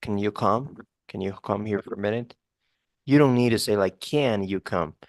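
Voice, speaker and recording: A man's voice: lowish voice, moderate pace, dry recording. A man teaching English one to one, explaining grammar casually with many fillers and spoken examples.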